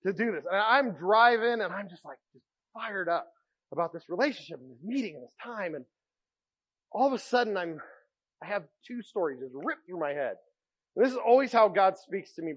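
Male pastor, high voice, animated sermon storytelling, muffled recording. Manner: animated storytelling, wide swings from loud to hushed.

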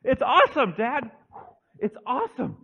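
A man preaching, acting out young Joseph as an excited young man who stammers and gushes into a phone call to his dad. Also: very high voice, normal speed, vocal fry, husky, voice pushed up, exaggerated voice. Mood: eager. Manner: breathless, stammering, gushing. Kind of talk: dramatized monologue in a sermon.

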